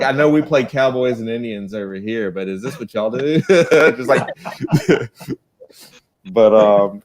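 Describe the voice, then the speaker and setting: A man's voice: lowish voice, moderate pace. A man with a Southern accent chatting casually on a livestream, rambling with lots of restarts and laughter. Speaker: co-host.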